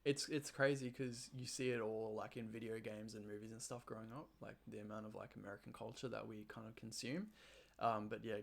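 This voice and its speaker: A young Australian man with a low, deeply gravelly voice, speaking as a guest in a relaxed podcast chat. He talks easily and loosely, stringing thoughts together with plenty of "like" fillers. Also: a little fast. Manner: relaxed, filler-heavy with frequent "like". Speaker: guest photographer. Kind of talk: casual chat.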